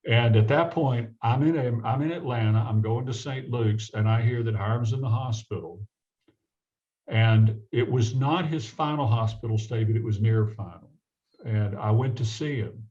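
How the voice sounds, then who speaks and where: A man from the American South tells a personal story as a guest, acting out the people in it with lively shifts. His voice sits in a middle pitch. The recording is dull and lo-fi. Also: moderate pace. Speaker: guest physician. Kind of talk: storytelling in a conversation.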